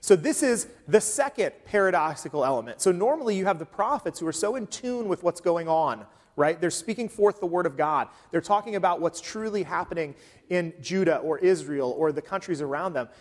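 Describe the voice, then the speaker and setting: A man preaching a sermon in a relaxed, conversational way, often pausing with "um" between points. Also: high voice. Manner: conversational, with frequent um fillers. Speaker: pastor. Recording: long hall reverb.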